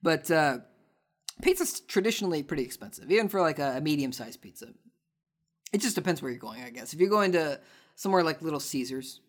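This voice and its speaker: A man's voice: fairly high pitch, lively intonation, fairly quick. A man hosting a podcast, answering listener questions in a sarcastic, ranting casual chat. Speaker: podcast host.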